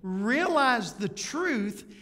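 High-voiced preacher in an echoing church. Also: male voice, very animated, drawn-out words, bright, forceful tone. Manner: conversational preaching, rhetorical questions. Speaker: pastor. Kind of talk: sermon. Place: church sanctuary. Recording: church hall reverb.

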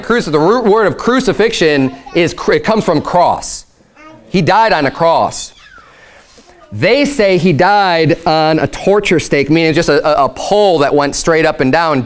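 Male pastor with a high voice, emphatic, animated sermon delivery. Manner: animated, emphatic preaching, acts out quotes.

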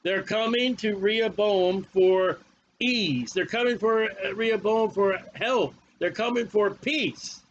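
A man's voice: high voice, takes it slowly, highs cut off, a little hiss or hum. A man preaching a fiery, confrontational sermon with a lot of repetition.

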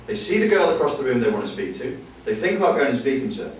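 A man's voice: medium pitch, sing-song, racing, slight background noise. A man teaching a course, acting out stories with jokey voices and sudden screams. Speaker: NLP trainer. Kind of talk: lively teaching with acted-out stories. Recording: very echoey room, distant mic.

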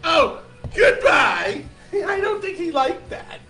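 Brief: very high, gravelly evil clown, yelling insults at callers, echoey room with faint music. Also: male voice, sing-song, slow pace, exaggerated voice. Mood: taunting. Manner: screeching, insulting, cackling. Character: shrill cackling evil male clown host. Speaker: host. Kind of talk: live call-in show.

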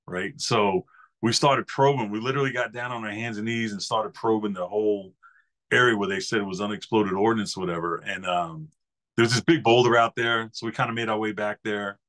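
A man in his fifties from New York talks in a fairly low voice as a podcast guest. He tells his stories in a loose, easygoing way and wanders from one memory to the next like a casual storyteller. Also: brisk, fairly bright tone. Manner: rambling anecdotal storyteller, easygoing. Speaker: podcast guest, former Marine.

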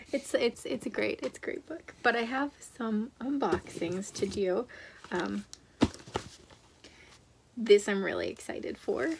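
Gushing woman vlogger with a gravelly voice. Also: mid-range voice, background noise. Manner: chatty, gushing, trails off and restarts often. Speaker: book vlogger. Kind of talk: casual vlog chat.

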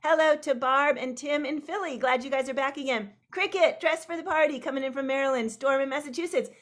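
A woman with a high, bright-sounding voice hosts a video call. She greets viewers by name in a bubbly, rambling flow and laughs often. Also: fast. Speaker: host.

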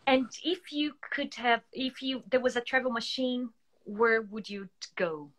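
A woman, a non-native English speaker whose first language is Portuguese, hosting an interview with encouraging, slightly halting phrasing. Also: fairly high pitch, fairly bright tone. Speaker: podcast host. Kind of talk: interview conversation.

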